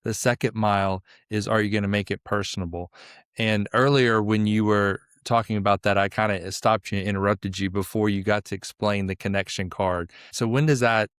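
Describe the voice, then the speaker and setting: A man's voice: lowish voice, fairly even intonation, normal speed, fairly bright tone, smooth, no room sound, clean studio sound. A man hosting a church-leadership podcast, following up on his guest's points in a conversational way. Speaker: podcast host.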